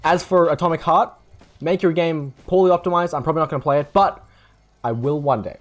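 A young gaming YouTuber rambles through casual gameplay commentary late at night, tired, self-deprecating and swearing freely. His voice is a little high and a little fast, with faint music behind.

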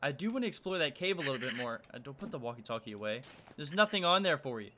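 A man's voice: mid-range voice, very animated, quick pace, sharp tone, a little hiss or hum. A young man hosting a let's-play video, nervously talking to himself as he plays. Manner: nervous, talks to himself while playing. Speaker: gaming video host.

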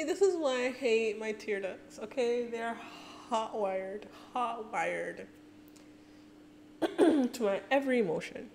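A woman's voice: medium pitch, slight background noise. A woman making a casual music reaction vlog, teary and gushing, talking back at the screen in exasperation. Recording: music playing loudly behind her voice.

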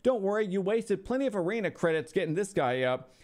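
A man's voice: high voice, big pitch swings, fairly quick, a little mellow. A man streaming a mock-insulting review of a viewer's game roster, ranting profanely and sarcastically in exasperation. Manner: sarcastic, talks back to imagined hecklers. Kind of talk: mock-insulting livestream commentary.

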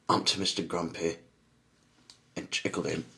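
Slow, deep-voiced male storyteller. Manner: slow, expressive, asks the listener questions. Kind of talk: storybook narration.

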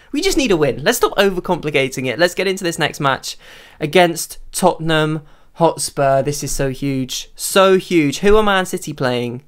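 Excitable man commentating his game. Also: moderate pace. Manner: excitable, talks to himself, bursts into high shouts at big chances. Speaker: gaming YouTuber. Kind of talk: live gameplay commentary.

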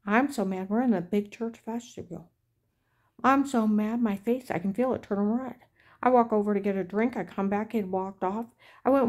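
Indignant middle-aged woman, mellow voice. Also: medium pitch, moderate pace. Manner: aggrieved, indignant, rambling. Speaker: vlogger. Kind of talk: rambling personal storytelling.

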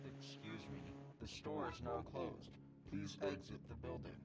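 A man voices a deep, gravelly store employee droning the same closing order in a slow, flat tone, sounding a little distant, with loud game music playing over him. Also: heavily acted. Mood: flat, insistent. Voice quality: gravelly, slow monotone announcements. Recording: muffled, from off-mic in game audio.

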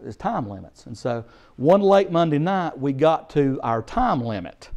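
A middle-aged male preacher tells his story with animated, emphatic repetition. His voice sits high for a man. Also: measured pace, few pauses. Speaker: guest preacher. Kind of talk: storytelling sermon.

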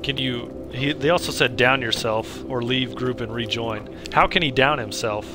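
A man's voice: mid-range voice, moderate pace, over music. A man chatting casually and joking while playing a co-op shooter on a livestream. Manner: laid-back, joking, swears casually. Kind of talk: casual gaming chat. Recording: game gunfire and noise behind.

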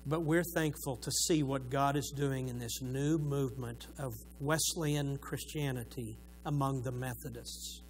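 A man's voice: medium pitch, steady tone, measured pace, hardly any pauses, rough recording. A middle-aged man from Oklahoma with a southern Oklahoma accent, a retired pastor greeting a church congregation and preaching, earnest with light joking asides. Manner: warm joking asides, earnest about faith. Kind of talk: church greeting and sermon introduction. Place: church sanctuary.

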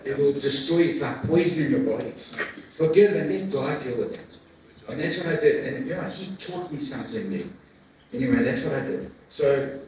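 A middle-aged man giving a heartfelt personal testimony to a men's breakfast, earnest and emotional, halting with repeats and fillers. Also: mid-range voice. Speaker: guest speaker at a men's breakfast. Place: large room at a church men's event. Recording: echoey hall from far off with faint noise.

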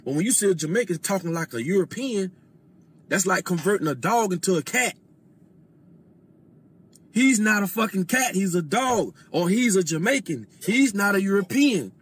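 A man speaking as a guest on a casual podcast, lecturing in a deliberate way and often dropping his voice low. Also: expressive, fairly bright tone, a little hiss or hum.

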